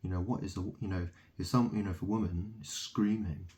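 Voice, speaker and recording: A man's voice: low-pitched, fairly even intonation, brisk, warm tone. A man from England delivering a rambling solo monologue, ranting and mocking, swearing freely.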